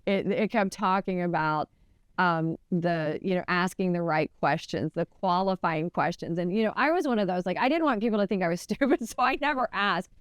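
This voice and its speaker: Podcast co-host, woman, conversational storyteller, smooth clear voice, close and dry sound. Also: dry recording, dull audio. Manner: animated retelling, voice rising high when quoting; chatty, many restarts and "like" fillers. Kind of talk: casual storytelling chat.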